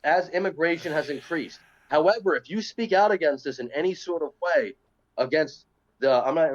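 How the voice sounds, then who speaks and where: A man's voice: medium pitch, highs cut off. A man co-hosting a talk show in casual chat, blunt and joking. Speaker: podcast co-host.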